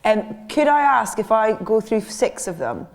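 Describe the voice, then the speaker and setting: A woman's voice: on the high side, very animated, unhurried. A woman interviewing a guest on a theatre stage, with encouraging prompts. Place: theatre stage before a live audience.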